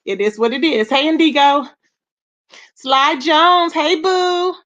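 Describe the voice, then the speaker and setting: A woman hosting a livestream, chatting casually with viewers, gossipy and animated, thanking them by name and laughing often. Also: high voice, slow pace, lo-fi sound. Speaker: livestream host.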